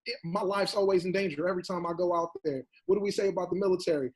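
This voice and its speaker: A man's voice: high voice, fairly even intonation, very fast, hardly any pauses, slightly rough, low-quality recording. A man speaking passionately in a panel discussion, building his argument. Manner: impassioned, acts out voices in quotes. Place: Los Angeles.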